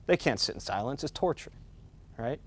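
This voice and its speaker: Animated and fairly bright in tone, a man with a mid-range voice speaks at normal speed, with no echo. He leads a meditation teacher-training workshop in a conversational way, frequently asking "right?" and building intensity on key points.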